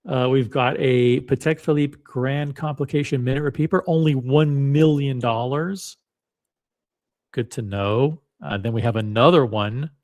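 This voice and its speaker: A man's voice: medium pitch, darkish tone. A man hosting his channel, reading out listings in a wry, musing way while browsing on screen. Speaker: watch channel host. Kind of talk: casual screen-share commentary.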